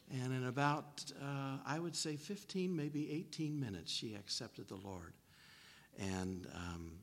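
A man's voice: medium pitch, sharp tone, in a large hall. A man preaching a sermon, telling a personal story in a folksy, anecdotal way.

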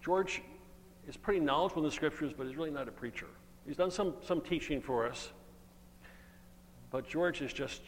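A man preaching an earnest, emphatic sermon and reading scripture aloud. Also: mid-range voice. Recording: long hall reverb, faint hum.

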